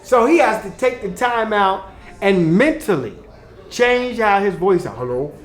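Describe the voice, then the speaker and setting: A man co-hosting a casual podcast, talking in an animated way, laughing often and slipping into playful voices. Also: high-pitched, unhurried. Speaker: podcast co-host, communications consultant. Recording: echoey room.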